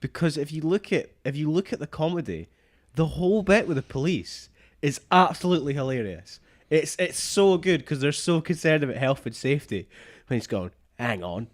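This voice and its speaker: A man's voice: fairly high pitch, animated, brisk. Chatty man talking films. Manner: chatty, enthusiastic, quotes scenes in voices. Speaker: podcast co-host. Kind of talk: casual film chat.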